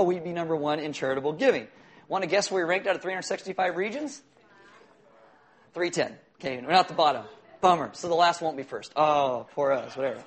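Man preaching a sermon, high-pitched voice, chatty and jokey, quizzes the congregation. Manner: conversational, jokey preaching with audience questions. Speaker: pastor.

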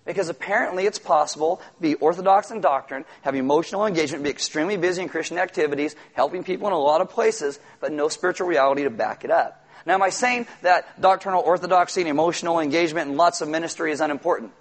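A man preaching a sermon, animated, acting out quotes and at times shouting for emphasis. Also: on the high side, fast talker, few pauses. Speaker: pastor.

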